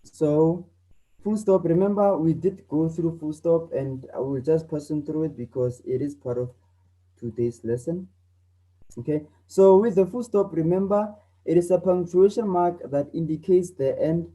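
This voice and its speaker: A teacher giving an online lesson, acting out the example exclamations loudly and often checking in with "okay?". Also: mid-range voice, moderate pace, rough recording. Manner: acts out exclamations loudly, tags lines with "okay?".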